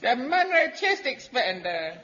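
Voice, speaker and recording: A man voicing a squeaky, self-important schoolboy in 1950s radio comedy. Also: very animated, a little slow, very noisy, exaggerated voice. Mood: silly. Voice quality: squeaky, boyish. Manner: pompous, goofy. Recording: dull 1950s radio broadcast with studio audience laughter.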